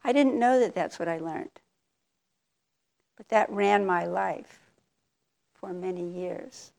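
An older woman giving a reflective talk as a meditation teacher, telling a personal story candidly and with soft laughs. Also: lowish voice, slow, vocal fry.

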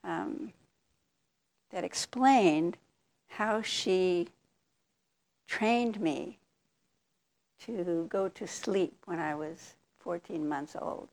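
An older woman giving a reflective talk as a meditation teacher, telling a personal story candidly and with soft laughs. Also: lowish voice, very slow, vocal fry, pauses often.

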